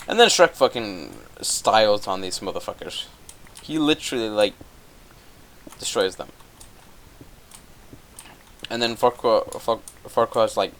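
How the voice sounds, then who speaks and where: Casual, swearing young man, lowish voice. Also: animated, a little slow, pauses often, a bit bright. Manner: profane, offhand, hesitant with many fillers. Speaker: gameplay commentator. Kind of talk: casual rambling plot retelling.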